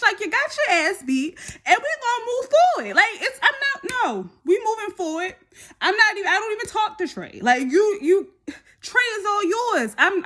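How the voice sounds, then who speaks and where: A high-voiced young woman from tells a storytime vlog with sass and plenty of laughter. Her pitch jumps around a lot as she acts out the drama. She talks casually. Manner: animated, sassy storytelling with frequent laughs.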